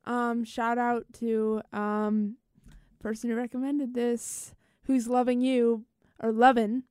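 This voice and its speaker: A woman's voice: a little high, level tone, slow pace, a little mellow, clean tone, no room sound, studio quality. Giggly young woman college radio DJ. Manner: giggly, stumbling over call letters. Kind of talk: casual radio chat.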